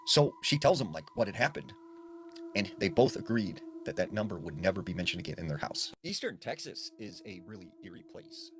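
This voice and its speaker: A man's voice: low-pitched, very animated, brisk, background noise. A man casually retelling spooky stories in a conversational way, full of fillers like "like". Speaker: storyteller. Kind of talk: casual spoken ghost story narration.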